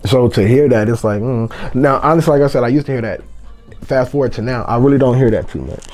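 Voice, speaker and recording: A man's voice: mid-range voice, fast talker, darkish tone, soft background music. A man from San Antonio, a rapper, talking bluntly and profanely as an interview guest. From San Antonio, Texas. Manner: blunt and profane, heated storytelling. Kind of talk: casual interview chat.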